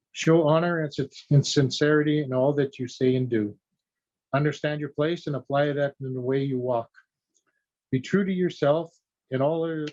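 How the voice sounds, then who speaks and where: A man giving a talk on traditional teachings and telling a story, in a slow, measured way. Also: a little high, a little mellow. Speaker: conference speaker. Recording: dull lo-fi audio.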